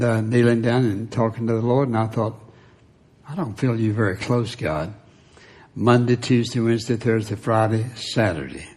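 An older man preaching a sermon in a conversational way, often dropping to a near whisper for emphasis. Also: mid-range voice. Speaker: pastor.

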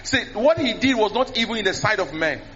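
High-voiced man preaching. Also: fairly quick. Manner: animated, mimics tongues and prayers, repeats words. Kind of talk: sermon. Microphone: handheld mic. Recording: dull lo-fi sermon recording.

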